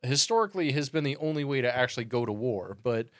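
Sardonic man with lively pitch. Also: quick pace, dry recording, studio quality. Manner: sardonic, rambling, swears. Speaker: podcast co-host. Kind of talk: casual chat.

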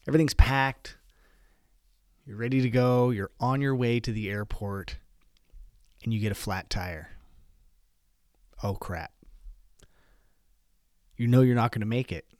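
A man's voice: medium pitch, steady tone, normal speed, long pauses, a little mellow, dry recording, studio quality. A man hosting a solo podcast, talking earnestly to listeners and asking them many rhetorical questions. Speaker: podcast host.

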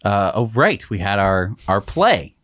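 A man's voice: lowish voice, very animated, unhurried, a bit bright. A man co-hosting a casual tech news show, exasperated and mocking. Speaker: co-host.

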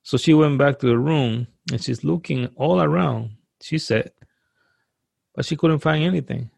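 Man, gravelly voice, dry close sound, halting earnest storytelling, repeats and restarts, guest telling a personal story. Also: on the high side, darkish tone, no room sound. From outside the US, now lives in the US. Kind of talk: recounting a frightening personal experience.

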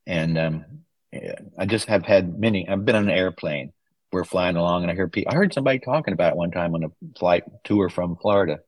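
A man's voice: deep voice, a little fast, dry recording, poor audio. A man, an author's son, telling casual anecdotes in an interview, acting out the voices of people he quotes. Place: West Coast wine region home.

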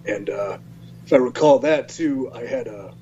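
A man's voice: medium pitch, moderate pace, dark tone. Man, 30s, podcast guest, laughing, self-mocking, dull lo-fi sound, faint hum. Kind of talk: casual podcast chat.

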